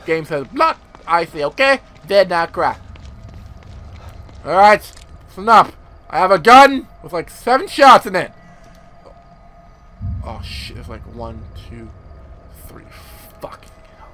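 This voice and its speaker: Excitable, swearing young gamer guy. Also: sits high, slow pace, long pauses. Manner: profane, excitable, rambling. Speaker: gameplay commentator. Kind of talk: casual let's-play commentary.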